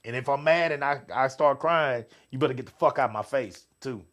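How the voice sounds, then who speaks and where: A middle-aged man co-hosting a casual show, swearing freely and swinging between loud outbursts and quiet asides. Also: mid-range voice, a little fast. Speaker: podcast co-host. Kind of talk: casual chat with listeners.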